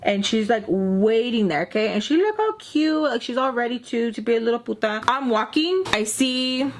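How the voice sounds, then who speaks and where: A woman's voice: fairly high pitch, lively intonation, normal speed. A young woman telling a casual storytime, venting bluntly with plenty of swearing and acting out the other people's lines. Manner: blunt and profane, heated venting; acts out quoted dialogue in shifting voices. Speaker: storytime vlogger.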